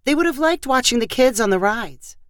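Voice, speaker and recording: A woman's voice: fairly high pitch, animated, brisk, dry recording, studio quality, voice pushed up, close to an everyday voice. A woman narrator voicing an exasperated mother with a complaining manner in a storybook reading.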